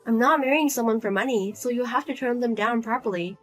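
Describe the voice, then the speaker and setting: A woman playing a fed-up grown daughter who speaks flatly and firmly to her pushy mother in a narrated drama. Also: a little high, brisk, soft background music, natural voice. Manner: flat, firm, cold and blunt. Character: Lizzie, grown daughter, cool, blunt, fed up.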